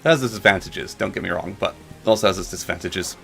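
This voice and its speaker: A man's voice: sits low, fast talker, vocal fry, a bit bright, faint music behind. A man casually rambling and joking while narrating his gameplay. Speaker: gaming channel host.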